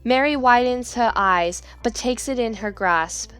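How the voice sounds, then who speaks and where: A woman's voice: a little high, unhurried, fairly bright tone, clear, resonant tone. A woman reading the first-person narration of a young female idol contestant in a game, in a reflective tone.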